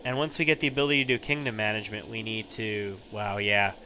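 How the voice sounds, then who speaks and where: A man's voice: on the low side, fairly even intonation, quick pace, bright, forceful tone, a little hiss or hum. A man giving casual commentary while he plays a role-playing video game, chatty and thinking aloud. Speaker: let's-play host.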